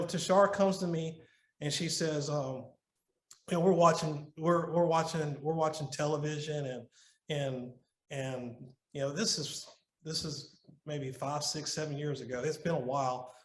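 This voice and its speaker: A middle-aged man talking as a podcast guest, giving earnest advice on marriage in a conversational way and often repeating and restarting words as he tells a story. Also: a little high. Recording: roomy echo.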